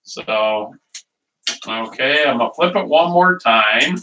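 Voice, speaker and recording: A man's voice: medium pitch, expressive, takes it slowly, far from the mic, noisy background. Chatty man hosting a live cooking stream. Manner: rambling, chatty, greets viewers by name, laughs often. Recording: echoey room, voice from off-mic.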